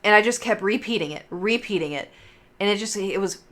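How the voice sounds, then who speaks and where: A woman's voice: medium pitch, fairly quick, a bit bright. Chatty young woman streamer telling stories. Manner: chatty, full of "like" fillers, swears freely. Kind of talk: casual livestream storytelling.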